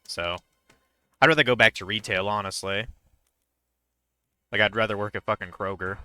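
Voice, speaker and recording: A young man talks casually while he plays a game, rambling and stopping often. His voice is very bright and crisp. It sounds close and dry. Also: on the low side, steady tone, moderate pace, no echo. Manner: rambling and hesitant, many fillers. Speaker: streamer. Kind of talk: casual chat while gaming.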